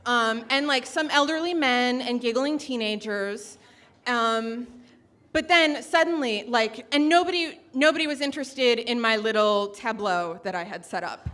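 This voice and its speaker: High-voiced woman telling a story onstage. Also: bright, forceful tone. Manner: chatty, filler-heavy, self-mocking. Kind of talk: live personal storytelling. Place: live storytelling stage.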